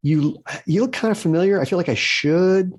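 A man's voice: high-pitched, normal speed, pitched above the performer's own voice. A confused elderly woman, hesitant and sly, voiced by a man. The voice rides well above a man's own register. It wavers as it searches for answers.

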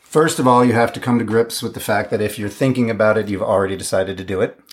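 A man's voice: fairly low pitch, quick pace. A man being interviewed on a podcast, talking casually in an upbeat, joking way and laughing along. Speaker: podcast guest.

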